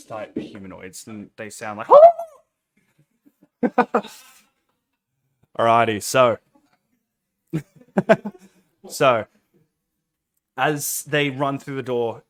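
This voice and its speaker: A man with an Australian accent narrating a tabletop game as game master in a relaxed, rambling way, often laughing. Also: medium pitch, a little slow.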